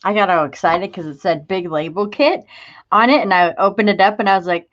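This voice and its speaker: A woman's voice: medium pitch, fairly quick, dull audio. A woman hosting a crafting livestream, chatting casually and gushing as she greets viewers by name and shows craft supplies. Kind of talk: casual live chat while showing craft supplies.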